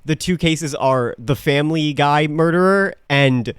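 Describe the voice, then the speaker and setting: A man co-hosting a podcast, making wry, quick asides about a movie. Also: on the high side, clear, resonant tone, no echo, clean studio sound. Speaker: podcast co-host. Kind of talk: casual movie-review chat.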